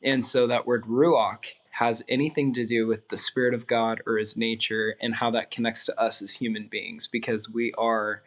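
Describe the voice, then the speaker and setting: A man's voice: medium pitch, level tone, normal speed, hardly any pauses, a bit bright. Earnest man talking as an interview guest. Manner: earnest, reflective, with filler ums. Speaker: interview guest, clothing designer. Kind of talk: casual interview chat.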